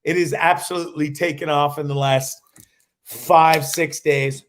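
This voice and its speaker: A man with a high voice chats on his livestream from a cottage while he is traveling. He rambles and swears as he tells stories, and he often breaks off and restarts his sentences. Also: fairly even intonation, measured pace, slight background noise. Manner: profane, rambling storyteller with many restarts. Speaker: livestream host.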